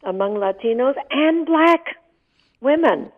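A woman's voice: high-pitched, animated, slow pace. An older woman in her eighties, a guest telling vivid, emotional stories in a candid interview. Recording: tinny phone line.

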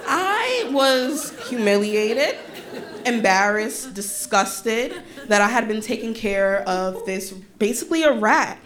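A woman's voice: medium pitch, vocal fry. A young woman telling a funny personal story on stage, acting out her relatives' voices with lots of energy. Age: young adult. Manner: animated, acts out relatives' voices.

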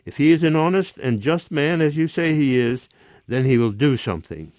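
A man voices a superstitious, self-pitying peasant wife, pleading and insistent, in a highish voice pitched above his own yet still natural, with lively intonation and moderate pace. The tone is a little mellow, and the studio-quality recording has no room sound.

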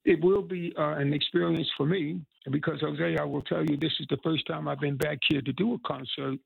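Gravelly, husky man in his eighties. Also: on the high side, fairly even intonation, brisk, no room sound, phone-quality sound. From North Carolina. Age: 80s. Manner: earnest, heartfelt storytelling. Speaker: musician and activist. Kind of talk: interview.

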